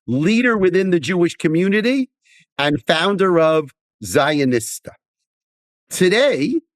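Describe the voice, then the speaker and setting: A man's voice: a little high, no room sound. A man, a rabbi, hosting a podcast and giving a formal, welcoming scripted introduction.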